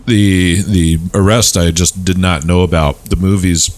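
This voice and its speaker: A man's voice: deep voice, fairly even intonation, unhurried. A young man co-hosting a casual chat, laid-back and rambling, hedging his points.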